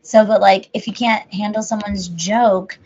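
A woman's voice: mid-range voice, steady tone, a little slow, a little mellow, a little hiss or hum. A woman co-hosting a podcast, chatting casually in a rambling, jokey way. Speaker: podcast co-host. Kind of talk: casual chat. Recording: muffled lo-fi audio.

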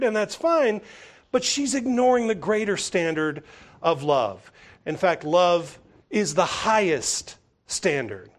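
A man's voice: high voice, sing-song, slow pace. A male pastor delivering a sermon, retelling a story with animation and occasional small restarts.

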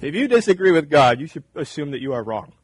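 A man's voice: a little high, very animated, fast, slightly rough, dry recording. A man preaching a sermon in a conversational, emphatic way, acting out little dialogues. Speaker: pastor.

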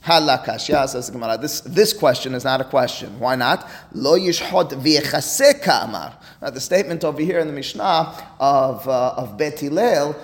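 A man's voice: medium pitch, a little fast, few pauses, roomy sound, long reverb tail. A man teaching a Talmud class as a rabbi, speaking emphatically and weaving Hebrew and Aramaic terms into his explanation.

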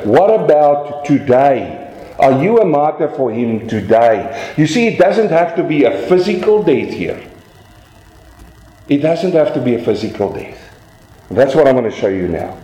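A man's voice: a little high, very animated, measured pace, mellow. A man preaching a sermon, telling stories dramatically and asking the congregation rhetorical questions. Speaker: pastor. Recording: echoey church room.

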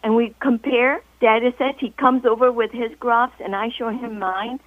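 A woman guest author telling a story in a radio interview, explaining in a measured, deliberate way over the phone. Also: on the high side, fairly even intonation, no echo. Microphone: telephone. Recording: tinny phone line, dry.

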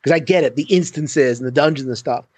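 A man giving a frank, halting review of a game during a casual stream chat. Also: mid-range voice, husky, no room sound. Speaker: co-host.

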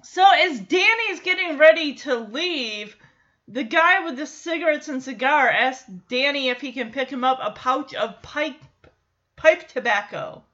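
A woman's voice: sits high, lively intonation, a little slow, fairly bright tone, highs cut off. A woman casually recapping a sitcom episode, chatty, laughing often and quoting the characters.

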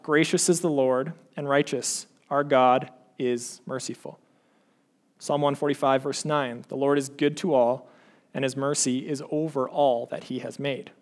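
A man preaching a sermon, asking earnest questions of his listeners and slowing down to read scripture aloud. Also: medium pitch. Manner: earnest, pleading questions to the congregation.

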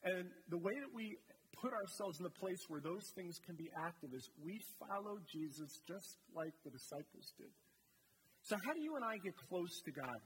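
A man's voice: high-pitched, a bit bright. A man preaching a sermon as a guest speaker, talking conversationally and telling stories with asides. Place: church sanctuary. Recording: long hall reverb, faint noise.

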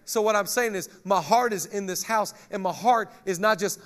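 A male pastor preaching a lively sermon, joking with the congregation and reading scripture aloud. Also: high voice, a little fast, few pauses.

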